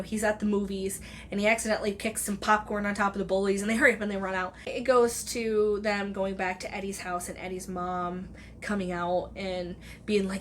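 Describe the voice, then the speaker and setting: A woman's voice: mid-range voice, slight background noise. A woman in a casual, rambling movie review who retells the plot, swears freely and acts out the characters' lines. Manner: chatty and animated, swears freely, acts out quotes.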